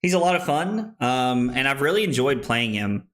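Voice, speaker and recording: A young man streaming a card game, chatting casually, excitable, laughing and swearing freely as he plays. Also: medium pitch, normal speed. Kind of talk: casual live-stream chat while playing.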